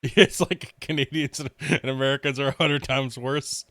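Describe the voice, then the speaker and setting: Recorded in a clean, dry studio, this gaming streamer talks at normal speed in a steady, medium-pitched, somewhat bright voice. He rambles through crude stories on a live stream, cursing, laughing a lot and restarting often.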